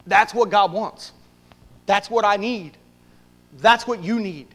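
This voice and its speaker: A man preaching a sermon to his church, swinging from loud bursts to hushed asides. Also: high voice, takes it slowly, big-room sound, poor audio. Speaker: pastor.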